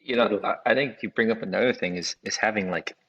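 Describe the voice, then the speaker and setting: A man's voice: fairly low pitch, quick pace, fairly bright tone, husky, dull audio. A man who runs a custom home building business, speaking reflectively in casual conversation and often restarting his sentences. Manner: reflective, restarts often, acts out clients' voices.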